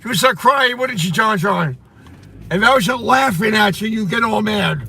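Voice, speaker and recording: A man host chats casually from a car, spinning a rambling story. His voice sits high and swings widely in pitch. Road noise hums steadily behind him. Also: lively intonation, normal speed, creaky, bright, forceful tone. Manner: rambling, repeats himself, laughs at his own story.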